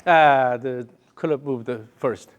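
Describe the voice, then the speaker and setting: A man's voice: mid-range voice, takes it slowly, dull audio, a little hiss or hum. A male golf coach giving a hands-on lesson, calling short repeated cues and humming the count and rhythm.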